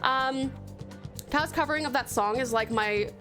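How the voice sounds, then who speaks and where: A woman's voice: high-pitched, normal speed, over music. A woman streamer chatting casually with her live chat, gushing and giggly as she thanks viewers. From Tasmania, Australia.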